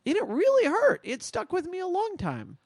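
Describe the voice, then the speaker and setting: A woman co-hosting a podcast, telling a personal story in a measured, reflective, earnest way. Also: extremely high pitch, wildly swooping pitch, darkish tone, dry recording, studio quality. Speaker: podcast co-host. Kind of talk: casual podcast conversation.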